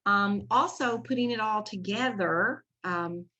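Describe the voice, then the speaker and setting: A woman's voice: mid-range voice, measured pace, pushed and bright, rough recording. A woman leads an online session for teachers in a chatty, enthusiastic way. She talks her way through her slides and recommends activities as she goes. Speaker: teacher trainer presenting. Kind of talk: online presentation.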